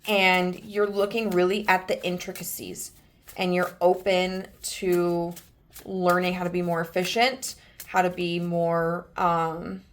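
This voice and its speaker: A woman giving a pick-a-card tarot reading, gentle and earnest, with many fillers and restarts. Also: lowish voice, flat delivery, slow pace. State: emotional, near tears. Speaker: tarot reader.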